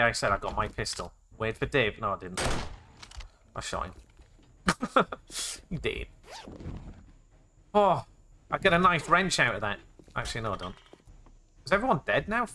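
A young man playing a zombie game, excitable and jokey, narrating his actions with "I said". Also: mid-range voice, a little hiss or hum. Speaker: gaming YouTuber.

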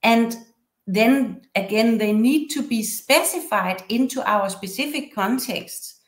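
Danish-accented woman lecturing in echoey room. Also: fairly high pitch. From Denmark. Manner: measured, explanatory storytelling. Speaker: university professor and researcher. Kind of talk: academic lecture.

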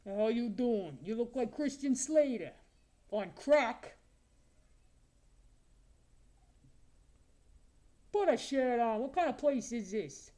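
A man's voice: very high voice, expressive, a little slow, warm tone. A man voicing a crude, lonely, self-admiring male creature with razor teeth, taunting strangers in an improvised comedy video chat.

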